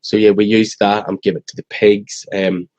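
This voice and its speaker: A man's voice: fairly low pitch, level tone, moderate pace, darkish tone, no echo, poor audio. A man from Ireland with a thick Irish accent, chatting in a rambling, easygoing way as an interview guest. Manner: chatty, rambling, laughs easily. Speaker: restaurant staff guest. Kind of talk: casual interview.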